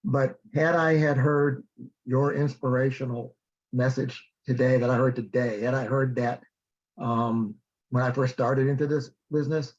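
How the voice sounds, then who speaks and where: A middle-aged man moderating an online event, speaking haltingly, with many restarts. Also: mid-range voice, little pitch movement, highs cut off.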